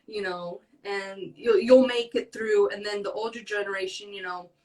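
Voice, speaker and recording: A woman's voice: medium pitch, steady tone, normal speed, darkish tone, recorded from a distance, low-quality recording. A young woman speaking earnestly as a podcast guest in casual talk, rambling with many fillers. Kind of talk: casual conversation.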